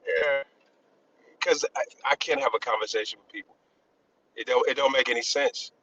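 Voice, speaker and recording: A man in a casual group discussion, talking in a rambling, halting way with many restarts and emphatic bursts. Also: medium pitch, fairly even intonation, fairly bright tone, husky, dull audio. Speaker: discussion panelist.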